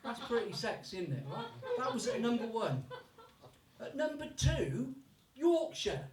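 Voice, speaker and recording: Brummie stand-up comic in an echoey club. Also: male voice, extremely high pitch, big pitch swings, a little slow, noisy background. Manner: swears freely, puts on voices for accents. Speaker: stand-up comedian. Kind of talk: stand-up comedy set. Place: live comedy club. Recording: echoey room from far off.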